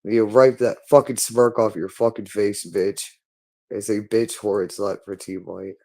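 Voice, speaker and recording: A man's voice: lowish voice, steady tone, measured pace, a little mellow. A man speaking in a hostile, repetitive monologue, berating someone and swearing constantly. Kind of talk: angry monologue.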